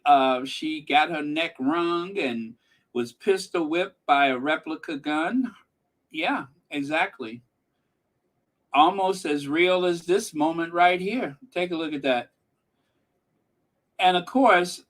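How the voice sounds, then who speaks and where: A man's voice: a little high, a bit bright. A man hosting a casual reaction channel, speaking sarcastically and emphatically to his viewers and live chat. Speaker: commentary channel host.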